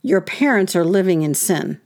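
A woman's voice: lowish voice, normal speed. Indignant woman telling a childhood story. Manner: animated, indignant, with wry laughs and quoted voices. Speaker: guest telling a personal story. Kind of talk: conversational storytelling.

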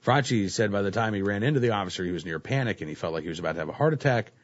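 A lowish male voice races through news items as host of a laid-back talk show. "Uh, you know" comes up constantly among his many fillers. The sound quality is dull and lo-fi.

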